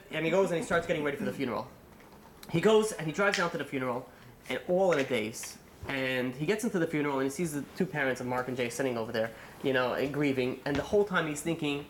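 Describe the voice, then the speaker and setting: Fast-talking rabbi telling a story. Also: male voice, on the high side, roomy sound, a little hiss or hum. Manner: animated, acts out quotes, many fillers. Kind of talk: sermon storytelling.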